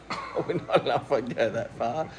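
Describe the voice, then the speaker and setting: This middle-aged Australian podcast co-host speaks slowly in a mid-range voice, with a bit of noise in the background. He's telling a lengthy funny story, laughing and using crude slang along the way, in a loose, casual style.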